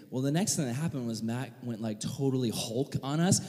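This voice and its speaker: A young man preaching a sermon, telling a personal story, acting out voices and yelling in bursts. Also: medium pitch, brisk, few pauses. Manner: animated storyteller, acts out voices, yells in bursts. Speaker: pastor. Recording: long reverb of a large hall.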